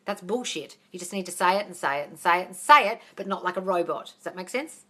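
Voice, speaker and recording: A woman's voice: lowish voice, lively intonation, fast, pushed and bright. A woman hosting a casual live question-and-answer session as a manifesting coach, blunt and profane, calling listeners darling. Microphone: phone.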